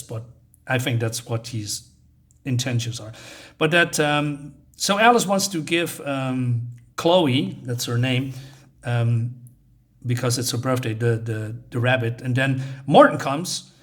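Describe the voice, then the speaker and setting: Recapping a comic's pages, a man gives an informal review, stumbling through with frequent fillers and restarts. He speaks in a somewhat bright, medium-pitched voice.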